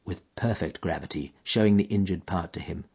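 A man narrating a literary story in an expressive, dramatic, drawn-out manner. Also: deep voice, slightly rough, lo-fi sound. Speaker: audiobook narrator.

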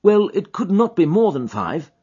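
A steady, plain-spoken London policeman, as a man reads him in an audiobook, answering in a matter-of-fact way. The voice is husky and fairly high, and the lo-fi recording sounds dull. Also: moderate pace, exaggerated voice. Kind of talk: audiobook character voice.

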